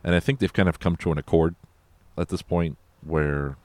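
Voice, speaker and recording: A man's voice: low-pitched, steady tone, normal speed, a little mellow, dry recording. A man casually recapping a movie in a loose, rambling and profane way, full of fillers and asides. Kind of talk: casual film recap chat.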